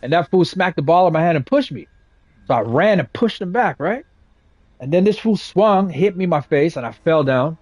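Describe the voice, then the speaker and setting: A man's voice: on the high side, lively intonation, moderate pace, a little mellow, no echo, highs cut off. A man, chatting casually while he plays. He talks in laid-back, profane street slang and keeps checking in with "you know what I'm saying" and "right?". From west side of San Jose, California. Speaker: gaming streamer. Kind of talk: casual storytelling chat.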